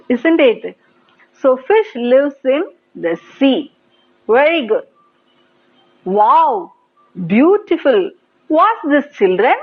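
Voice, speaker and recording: A woman with an Indian English accent teaching young children English on TV, prompting them to repeat words and praising them often. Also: high-pitched. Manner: slow, sing-song prompting with repeated praise. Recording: tinny phone-like broadcast audio.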